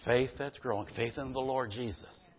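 A man preaching a sermon, emphatic, calling out to the congregation and swinging between loud bursts and quiet low passages. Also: steady tone, moderate pace, lo-fi sound, slight background noise. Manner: emphatic, calls out "Amen?" to the congregation.

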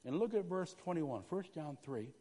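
A male pastor preaching a sermon with fervor, dropping to a hush and then rising to shouts, and calling out "Amen?" to his congregation. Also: fairly high pitch, animated, moderate pace, big-room sound. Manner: fervent, swinging from hushed to shouting. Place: church sanctuary.

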